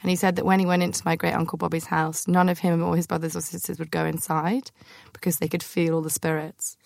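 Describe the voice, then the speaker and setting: A young adult woman hosting a podcast, telling a mortifying personal story in an animated, self-mocking way. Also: on the low side, quick pace, creaky, no room sound. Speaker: podcast host. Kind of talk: chatty storytelling.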